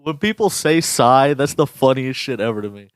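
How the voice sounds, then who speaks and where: A young man co-hosting a podcast in casual chat, swearing often and telling stories with animated impressions. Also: mid-range voice, normal speed, smooth, dry recording, clean studio sound. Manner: profane, animated storyteller. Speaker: podcast co-host.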